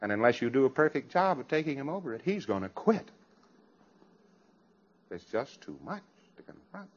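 A man's voice: medium pitch, sing-song, normal speed, husky, dull audio. A man giving an emphatic lecture to a congress audience, with wry, sarcastic asides.

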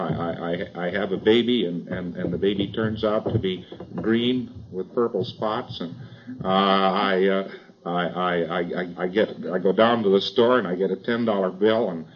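A man's voice: low voice, highs cut off, slight background noise, pitched below the performer's own voice, lightly acted. A man doing a stammering unlucky sad sack. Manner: stammering, repeats himself. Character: hapless man whining about bad luck.

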